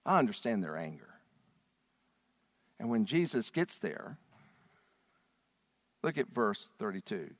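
A man preaching a sermon, swinging from hushed, low lines to loud, shouted ones. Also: big pitch swings, unhurried, long pauses. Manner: dramatic swings from quiet to shouting. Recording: long hall reverb.

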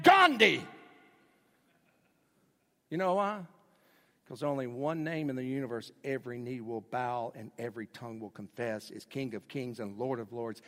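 A man preaching a sermon as pastor, dramatic, swinging between loud bursts and hushed lines. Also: medium pitch, long reverb tail.

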